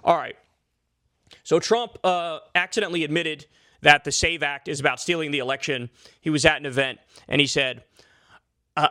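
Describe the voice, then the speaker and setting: A man's voice: a little high, normal speed, long pauses, bright, forceful tone, no room sound, clean studio sound. A man delivering a heated, profane, sarcastic political commentary rant, full of filler likes. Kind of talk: ranting political commentary vlog.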